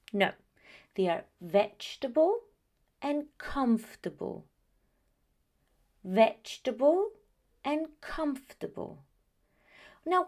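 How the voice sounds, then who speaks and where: Woman, middle-aged, pronunciation teacher; clear, deliberate delivery, animated pitch, slightly high voice. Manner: clear, deliberate, repeating example words slowly. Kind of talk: scripted pronunciation lesson to camera.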